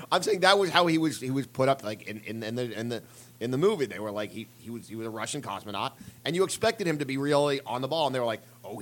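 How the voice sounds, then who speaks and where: A man's voice: mid-range voice, fairly bright tone. A man in casual banter with friends, rambling and laughing as he retells film scenes. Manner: rambling, laughing, quotes lines from films.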